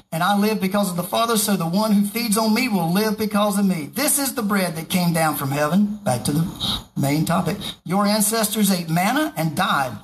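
A man's voice: sits high, poor audio. Casual man reading scripture with asides. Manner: reads scripture aloud and breaks off for joking asides. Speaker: preacher. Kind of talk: casual Bible reading with commentary.

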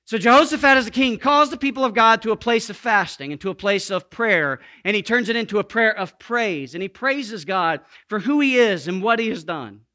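A pastor preaches emphatically, slowing down to stress key words, adding playful asides, and calling on the congregation to repeat after him. His voice is very high and sharp.

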